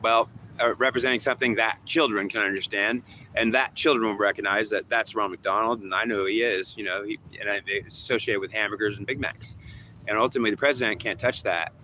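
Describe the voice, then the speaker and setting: A man's voice: on the low side, fairly even intonation, fast, pushed and bright, a little hiss or hum, low-quality recording. A man talking in a rambling, repetitive monologue, often restarting his sentences.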